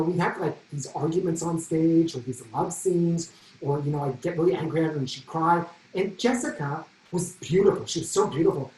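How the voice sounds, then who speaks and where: A man performing a comic solo stage monologue, telling his story in an animated, self-mocking way on a theatre stage. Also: on the high side. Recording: roomy stage sound from a distant mic.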